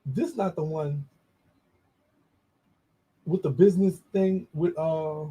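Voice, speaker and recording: Show host, male, camp and animated, raspy slightly high voice, casual chat. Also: a little slow, pauses often. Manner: animated, camp, chatty, addresses viewers as girl. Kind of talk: casual livestream gossip chat.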